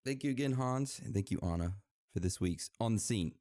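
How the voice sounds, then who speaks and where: A man hosting a podcast, introducing segments in a relaxed way. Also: on the low side, a little fast, no room sound, studio quality. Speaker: podcast host. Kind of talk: casual podcast chat.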